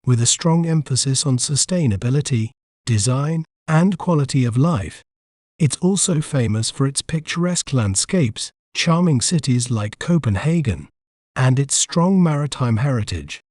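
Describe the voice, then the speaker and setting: A man's voice: medium pitch, lively intonation, a little mellow, no echo, clean studio sound. A man narrating a scripted pronunciation lesson, sounding out a word syllable by syllable. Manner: slow syllable-by-syllable pronunciation drills. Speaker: pronunciation guide host.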